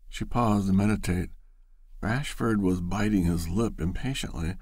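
Slow husky guy reading a classic story, lively ups and downs, dry sound. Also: deep voice, dry recording. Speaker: narrator. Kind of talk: audiobook narration of a classic story.

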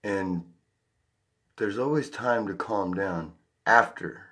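A man's voice: on the low side, slow pace. Winded man giving a pumped-up pep talk. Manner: pumped-up, preachy, with loud whooping shouts. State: out of breath after a jog. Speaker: motivational speaker. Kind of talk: motivational vlog monologue.

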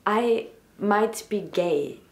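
A woman's voice: mid-range voice, lively intonation. An actress with an Austrian accent playing an awkward, confused young woman who hesitates and stumbles over her words in a sitcom. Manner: hesitant, halting and self-conscious. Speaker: aspiring comedian. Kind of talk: sitcom acting.

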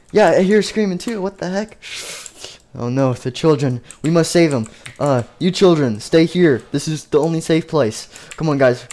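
A narrator improvising a role-play over gameplay, rambling with lots of fillers, puffing mouth sound effects and humming tunes, jumping from high shouted lines to low mumbled asides. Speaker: gameplay narrator voicing animatronic characters.

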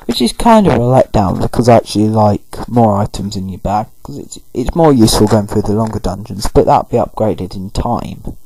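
A man commentating casually over a game, paraphrasing characters in quick throwaway voices. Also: fairly low pitch, sing-song, creaky, mellow, slightly rough, no room sound, low-quality recording. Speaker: gameplay commentator. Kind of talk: casual let's-play commentary.

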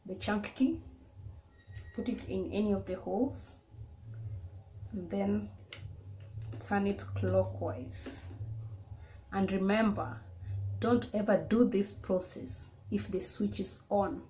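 A woman's voice: mid-range voice, slow pace, long pauses. A woman, showing how to use a tool in a casual, step-by-step way. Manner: plain, step-by-step explaining. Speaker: DIY vlogger. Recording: echoey room with clear noise.

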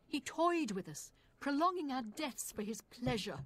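A woman's voice: high voice, sing-song, a little slow, a bit bright, full character voice. An actress voicing a weary female prisoner in a video game, pleading and grim. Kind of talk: game dialogue.

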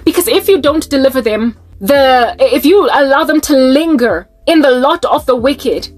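High-voiced, impassioned South African woman. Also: expressive, moderate pace, darkish tone. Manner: impassioned, pleading, restarts mid-sentence. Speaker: Christian vlogger. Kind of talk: emotional faith monologue.

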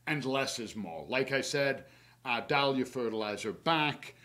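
A man, a horticulturist, hosting a casual garden webinar, talking in a relaxed, chatty way with plenty of fillers and practical tips from his own yard. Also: mid-range voice, measured pace. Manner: chatty and relaxed, many fillers, laughs at himself.

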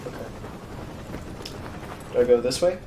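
This man has a medium-pitched, expressive voice and speaks at a measured pace. He plays a shooter campaign with casual let's-play chatter, jumpy and self-mocking, directed at himself and his audience. Battle noise and loud game gunfire sound behind him, and the audio is roomy.

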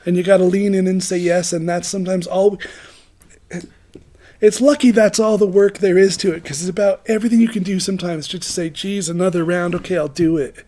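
A man's voice: high-pitched, steady tone, fairly quick, dark tone. A middle-aged man giving an informal, rambling sermon, joking about himself and laughing often. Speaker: preacher.

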